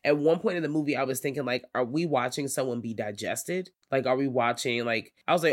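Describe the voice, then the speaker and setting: A podcast co-host chatting casually about found footage films, swearing freely and leaping higher when acting out reactions. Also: fairly quick, hardly any pauses. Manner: animated, profane, leaps high when acting out reactions. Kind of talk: casual film review chat.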